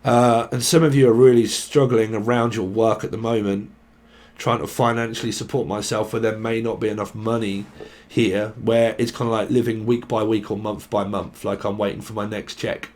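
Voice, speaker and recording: A man's voice: fairly low pitch, level tone, moderate pace, darkish tone. A man giving a rambling, casual tarot reading, swearing and jumping between word associations. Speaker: tarot reader.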